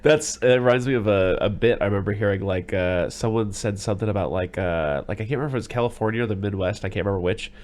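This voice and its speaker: A man co-hosting a casual podcast, telling rambling stories in quick bursts. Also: on the low side, darkish tone. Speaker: podcast co-host.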